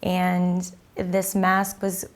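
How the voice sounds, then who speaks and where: A woman's voice: lowish voice, completely flat delivery, drawn-out words. A woman in her thirties, a prenatal class teacher, talking openly and reflectively in an interview, with many fillers. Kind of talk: candid interview conversation.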